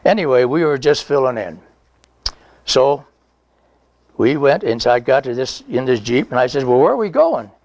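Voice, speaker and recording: A man's voice: medium pitch, normal speed, long pauses, a little mellow, no echo. A man in his nineties, a veteran being interviewed, telling a rambling, folksy story with chuckles and reenacted dialogue. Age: 90s. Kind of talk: conversational oral history storytelling.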